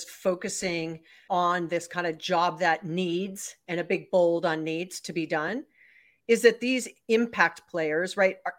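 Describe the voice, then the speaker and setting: A woman hosting a conversational interview, asking long, rambling questions with fillers and quick laughs. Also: medium pitch, fairly bright tone. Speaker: interview host.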